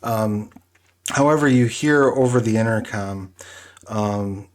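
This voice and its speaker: A man narrating as game master of a tabletop role-playing game, relaxed and halting, with many fillers. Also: lowish voice.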